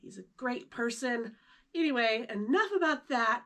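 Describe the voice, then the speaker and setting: A woman's voice: a little high, animated, moderate pace, a bit bright. A woman vlogger talking casually to camera in an upbeat, chatty way while losing her voice. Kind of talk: casual vlog talk to camera.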